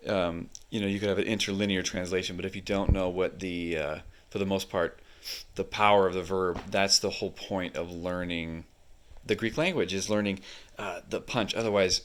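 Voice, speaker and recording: A man with a very deep voice talks through a book page by page. He explains at an easy pace and fills his pauses with ums and uhs, like a casual hobby reviewer. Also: fairly even intonation, a bit bright. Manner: unhurried, explanatory, many fillers.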